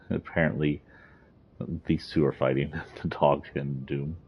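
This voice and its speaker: A man casually reviewing a video game's story, rambling with fillers as he goes. His voice is extremely deep and husky. The recording sounds dull and lo-fi. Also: steady tone, takes it slowly. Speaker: gaming video host.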